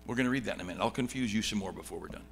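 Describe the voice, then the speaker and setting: A middle-aged pastor teaching a Bible study, reading scripture aloud and swinging from loud excitement to quiet asides. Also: male voice, lowish voice, very fast. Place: church sanctuary. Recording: long hall reverb, faint background hum.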